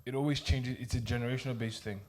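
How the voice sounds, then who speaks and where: A man's voice: mid-range voice, fairly even intonation, fast talker, darkish tone, poor audio. A man co-hosting a podcast, talking in rambling casual chat and losing his thread. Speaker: podcast co-host.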